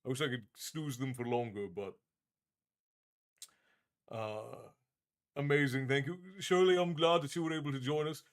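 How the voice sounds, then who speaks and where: Man, livestream host, tavern-keeper persona, casual chat, friendly, stumbling restarts, medium pitch. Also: normal speed, pauses often. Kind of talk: casual livestream chat, reading viewer comments aloud.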